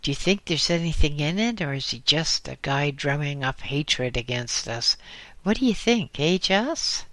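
A man's voice: fairly high pitch, lively intonation, moderate pace, a bit bright, no room sound. A man reading aloud and voicing an eager, hesitant young man who keeps asking questions.

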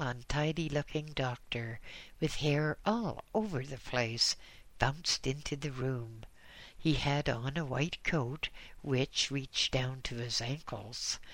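A man narrating a story aloud in a slow, measured storytelling manner. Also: mid-range voice, fairly bright tone, no echo. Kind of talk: audiobook narration.

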